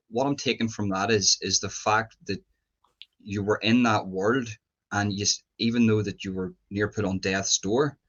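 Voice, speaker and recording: A man interviewing a guest, asking his questions haltingly and restarting often. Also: lowish voice, a bit bright, slightly rough, highs cut off. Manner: searching for words, restarts often.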